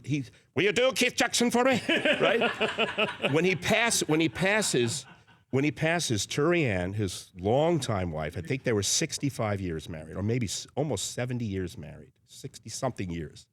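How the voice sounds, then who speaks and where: A man in his sixties, a guest on a sports radio show, telling animated stories and slipping into impressions. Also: medium pitch, normal speed, a little hiss or hum. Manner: animated storyteller who slips into impressions. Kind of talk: casual studio radio chat.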